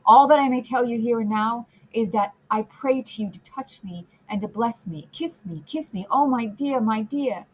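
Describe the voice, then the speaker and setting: A tender young daughter pleading softly with her father, as a woman reads her. The voice is breathy and fairly high, imploring in long, repeated phrases, like a storybook scene. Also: moderate pace, hardly any pauses, poor audio. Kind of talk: audiobook character reading.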